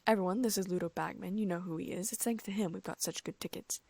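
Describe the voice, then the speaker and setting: A woman's voice: medium pitch, fast, creaky, darkish tone, no room sound. A woman voicing a kindly middle-aged father, mild and friendly in manner.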